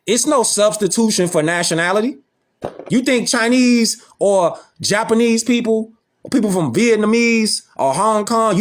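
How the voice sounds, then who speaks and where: A man giving emphatic commentary, firing off rhetorical questions. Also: high voice. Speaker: host reacting to a clip. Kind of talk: animated commentary.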